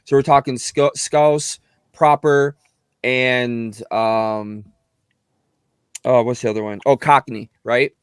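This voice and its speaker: Male podcast guest, voice actor, animated talker, mid-range voice, dry room. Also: mid-range voice, slow pace, long pauses, clean tone, no echo. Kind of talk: casual podcast chat.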